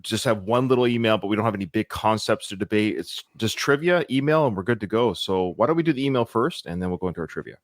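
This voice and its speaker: A man's voice: fairly low pitch, expressive, fast, hardly any pauses, dry recording, studio quality. A man hosting a podcast in casual chat, chatty and jokey, often correcting himself. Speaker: podcast host.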